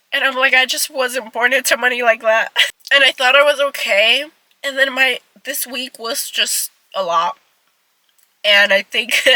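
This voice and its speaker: Emotional and near tears, a young woman in her twenties rambles to her phone camera in a car for a casual vlog, saying "like" over and over. She has a slightly high, sharp voice. The recording is dry and the audio quality poor.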